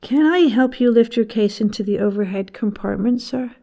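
A man's voice: sits high, normal speed, creaky, dark tone, voice pushed up. A man voicing a courteous, sweetly insistent female flight attendant in an audio story. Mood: polite. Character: polite young female flight attendant, knowing.

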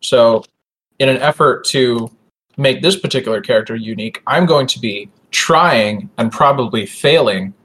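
A man's voice: medium pitch, fairly bright tone. A man playing a tabletop role-playing game, chatting casually and joking at his own expense. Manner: joking, self-deprecating. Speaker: player. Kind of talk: casual chat.

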